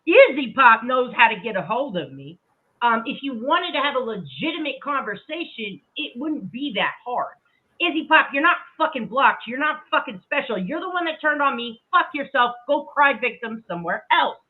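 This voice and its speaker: A woman's voice: sits high, big pitch swings, moderate pace. A woman hosting a livestream, arguing heatedly, profane, combative and mocking. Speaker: livestream host. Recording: tinny phone-like line.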